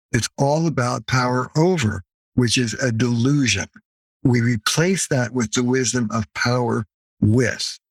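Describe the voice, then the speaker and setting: A man's voice: medium pitch, no echo. An older man speaks as a guest therapist, driving his points home with punchy emphasis and the odd playful jab. The sound is dry and close, with no room around it. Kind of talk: podcast interview.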